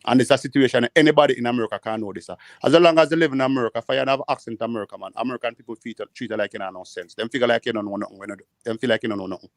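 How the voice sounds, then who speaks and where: A Jamaican man telling rambling, animated stories in patois during a casual panel chat. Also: medium pitch, rapid-fire, no room sound, studio quality. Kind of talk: casual storytelling. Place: living in the United States.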